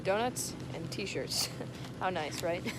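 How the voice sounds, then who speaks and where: A young woman in her late teens from Atlanta, vlogging casually and excitably as she talks to her camera, often giggling. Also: lowish voice, slow pace, noisy background. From Atlanta, Georgia. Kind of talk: casual vlog. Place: outdoors in snow and in a car.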